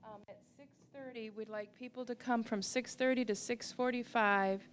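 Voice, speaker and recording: A woman steps up to make an announcement during a church service. She talks hesitantly, pausing on fillers as she finds her words. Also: on the high side, fairly even intonation, fairly bright tone. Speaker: church member making an announcement.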